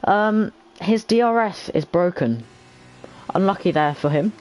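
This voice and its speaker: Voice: mid-range voice, expressive, measured pace, a little mellow, poor audio. A commentator giving lap-by-lap updates on a sim racing session in a casual, chatty way. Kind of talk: live race commentary.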